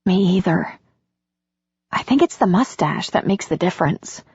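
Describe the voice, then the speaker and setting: A woman voicing a tender, emotional heroine who sounds self-doubting and quick, with a breathy voice, in a romance audiobook. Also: fairly low pitch, lively intonation, a little mellow, no echo, full character voice. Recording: dull lo-fi audiobook recording.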